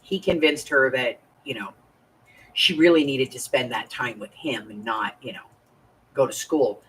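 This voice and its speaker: Unhurried, breathy-voiced woman in her fifties hosting a crafting stream, chatty and confiding, a bit off-mic. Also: rumbling low, a bit bright, recorded from a distance, low-quality recording. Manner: chatty and confiding, greets viewers by name. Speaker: crafting live-stream host. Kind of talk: casual chat while crafting.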